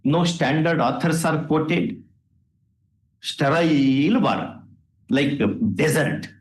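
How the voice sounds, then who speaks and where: In a courtroom with roomy acoustics, a judge with an Indian English accent makes remarks from the bench, lecturing and scolding the lawyers through rhetorical questions. His voice is fairly high, slow, and lively in intonation.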